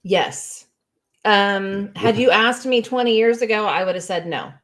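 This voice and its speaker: A woman's voice: medium pitch, measured pace. A woman chatting casually, telling stories with many fillers. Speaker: co-host. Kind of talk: casual chat.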